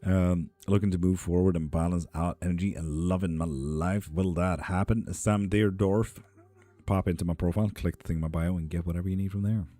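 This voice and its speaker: A young man chatting casually on a live stream, reading viewer comments, relaxed, swearing freely and cheering people on, a little ill and foggy. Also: sits low, a little fast, no echo, faint music behind. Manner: laid-back, swears freely, upbeat cheering. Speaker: live tarot and spell streamer.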